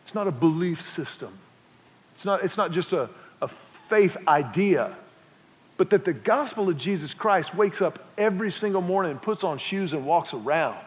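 High-voiced pastor in a reverberant hall. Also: male voice. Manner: storytelling with audience questions. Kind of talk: sermon.

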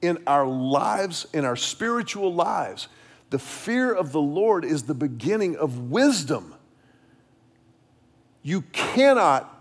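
A middle-aged man preaching a sermon as pastor, repeating words as he restarts and dropping low and quiet when he tells a story. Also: breathy edge. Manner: storytelling, drops low and quiet for quoted lines.

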